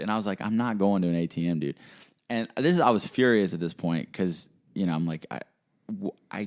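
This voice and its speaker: A young man hosting a podcast, telling a story in casual chat and acting out the people he quotes. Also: a little fast. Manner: animated storyteller who acts out quotes in a higher voice. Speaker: podcast host.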